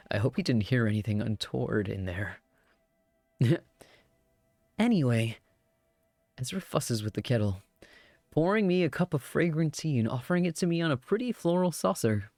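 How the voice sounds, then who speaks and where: Brief: chatty, laughing streamer narrating a game, animated pitch, dry close sound. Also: normal speed, pauses often, no room sound, faint music behind. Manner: giggly, chatty, joking asides. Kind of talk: live-streamed visual novel read-aloud with commentary.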